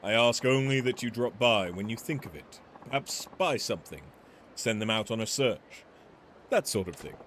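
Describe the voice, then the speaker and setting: A man voicing a calm, courteous master weapon smith in a video game, with formal, measured phrasing. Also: lowish voice, a little hiss or hum. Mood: composed. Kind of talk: reading game dialogue aloud.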